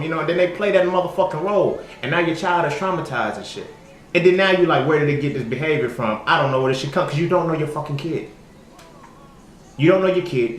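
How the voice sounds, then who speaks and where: A man's voice: on the high side, fairly bright tone, a little hiss or hum. A man giving a casual, profane opinion monologue as a vlogger, emphatic and conversational, and he keeps asking "you feel me?". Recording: echoey room.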